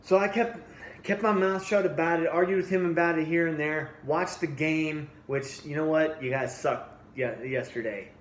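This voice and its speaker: A man's voice: a little high, moderate pace, a little hiss or hum. A man in his forties giving a blunt, heated opinion rant for his fitness vlog, often restarting and repeating himself. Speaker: fitness vlogger. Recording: echoey room with faint ambience.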